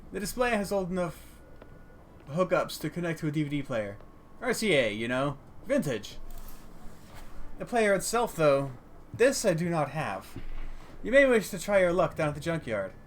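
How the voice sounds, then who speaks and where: A man's voice: fairly high pitch, very animated, moderate pace, pauses often, a little hiss or hum, pitched above the performer's own voice. A man doing a polite dwarf shopkeeper woman. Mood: courteous. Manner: formal, courteous trader.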